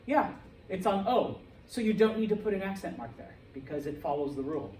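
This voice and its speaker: A man's voice: high voice, animated, brisk, darkish tone. Male teacher in an echoey classroom. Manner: checks in with "okay?" and "all right?" often. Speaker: Spanish teacher. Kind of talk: classroom lecture. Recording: echoey classroom, from far off, faint noise.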